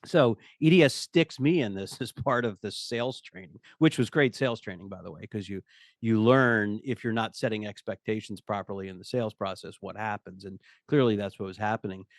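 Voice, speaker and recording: A man's voice: lowish voice, a little fast, dry recording, studio quality. A middle-aged man, a company CEO, talking as a podcast guest and telling stories, acting out the people he quotes. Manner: animated storyteller, acts out quotes. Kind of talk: conversational podcast interview.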